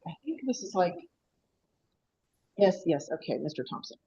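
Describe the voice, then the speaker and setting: A woman's voice: fairly low pitch, very animated, normal speed, mellow, slightly rough, dull audio. A woman presenting her paranormal investigations at an online panel, chatty and apologetic, laughing often. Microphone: video call.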